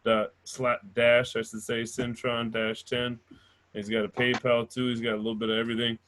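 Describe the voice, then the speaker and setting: A man's voice: mid-range voice, completely flat delivery, normal speed, fairly bright tone. A man hosting a stand-up comedy show, introducing comedians with loose jokes and frequent laughter. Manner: loose, joking, laughs often.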